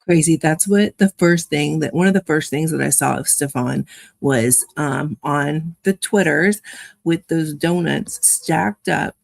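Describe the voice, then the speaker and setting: A woman's voice: low voice, a little slow, creaky, no room sound. A woman in a casual group chat, speaking bluntly and sounding disgusted.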